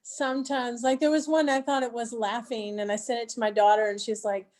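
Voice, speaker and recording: A woman with a fairly high voice chimes in during a group discussion. She talks in a loose, chatty way and pokes fun at herself as a mother. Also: steady tone, fairly quick, a little mellow. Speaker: class participant.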